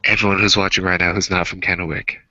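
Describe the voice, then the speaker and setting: Brief: young man, foul-mouthed ranting co-host, low voice, dry lo-fi mic. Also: level tone, fast, pushed and bright, no room sound. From Washington state, USA. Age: 20s. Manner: profane, ranting, jokey. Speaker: podcast co-host. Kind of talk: casual chat.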